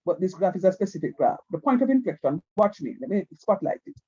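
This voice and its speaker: A high-voiced man teaches a math lesson over an online call. His tone is mellow and coaxing, and he keeps circling back to the same point. The sound is dull and lo-fi, like a computer mic. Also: sing-song, fast, husky. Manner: repetitive, coaxing, keeps saying "watch me". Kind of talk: online class lecture.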